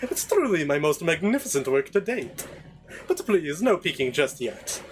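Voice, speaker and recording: A man voicing a fussy, pompous male servant who flatters his queen. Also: a little high, moderate pace, soft background music. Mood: obsequious. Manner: pompous, obsequious.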